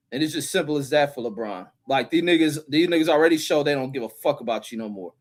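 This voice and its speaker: A man hosting a livestream, reading chat comments and ranting about basketball in a loose, profane, repetitive way. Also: a little high. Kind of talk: casual profane sports rant.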